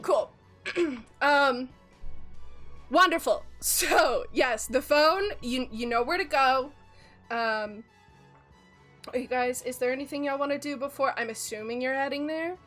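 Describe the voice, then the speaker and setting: A woman playing a tabletop game, excitable and laughing. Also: high voice, unhurried, pauses often, soft background music. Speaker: player.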